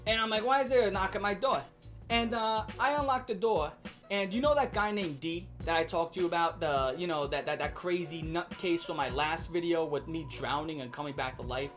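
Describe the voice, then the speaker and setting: A man in his late twenties telling a childhood story in a casual vlog rant, animated and profane, laughing and full of slang. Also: on the high side, fairly quick, faint music behind. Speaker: vlogger ranting about his childhood.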